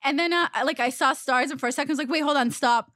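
A woman's voice: high voice, racing, fairly bright tone, no room sound, clean studio sound. A woman in her thirties hosting a podcast in casual chat, giggly and teasing as she pushes for stories. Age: 30s. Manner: giggly, teasing, pushy with questions. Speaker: podcast host.

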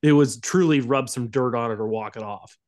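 A young man co-hosts a casual podcast and tells a story in loose, rambling bursts, breaking into laughter now and then. His voice sits in an ordinary middle pitch. The sound is dry and close. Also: fairly quick, a little mellow, dry recording. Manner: rambling, laughing storyteller who acts out quotes. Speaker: podcast co-host.

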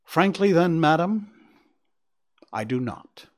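A man's voice: fairly high pitch, big pitch swings, voice pushed up. Man reading a keen Victorian detective. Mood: guarded. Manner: brisk deductive explaining, measured. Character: Victorian male detective, keen, clipped and analytical.

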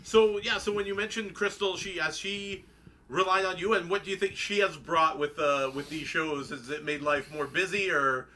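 Male host, high bright voice, laughs a lot, asks stumbling friendly questions. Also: normal speed, a little hiss or hum. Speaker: interviewer. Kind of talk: casual interview.

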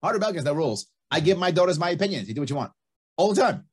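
A man's voice: on the high side, sing-song, racing, a little mellow, breathy edge. A middle-aged man giving blunt, emphatic advice in conversation, repeating his points for effect. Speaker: guest.

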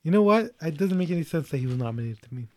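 Man, slightly high voice, joking chat partner, laughs a lot, dry close mic. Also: lively intonation, dark tone, no room sound. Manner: jokey, laughing, acts out lines in quick asides. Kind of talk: casual chat.

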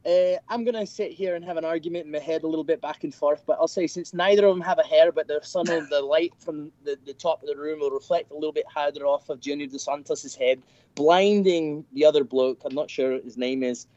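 A man's voice: fairly high pitch, fairly even intonation, a little fast, a little mellow, dry recording, natural voice. A man putting on a rambling mock-Scottish bouncer. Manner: rambling, self-amused. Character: male nightclub bouncer putting on a rough Scottish-English accent. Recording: dry, muffled lo-fi audio.

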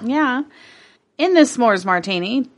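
A young woman with a slightly high voice, chatting as a podcast co-host. She giggles often and swears casually, in a relaxed, playful way. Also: slow. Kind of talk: casual chat.

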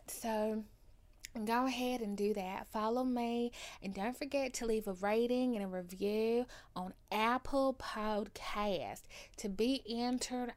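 A young woman podcast host, tired and loopy, chatting in a playful, overdramatic, rambling way. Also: mid-range voice. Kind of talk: casual chat.

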